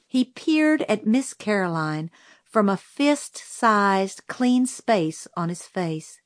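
A woman reading a novel aloud as a storybook narrator, in a measured, deliberate way. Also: mid-range voice, lively intonation, dry recording, studio quality. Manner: slow, measured, deliberate delivery. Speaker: audiobook reader.

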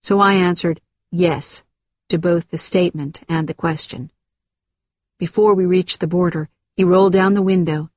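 A woman giving a measured, scripted narration of a first-person memoir. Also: lowish voice, darkish tone, no room sound.

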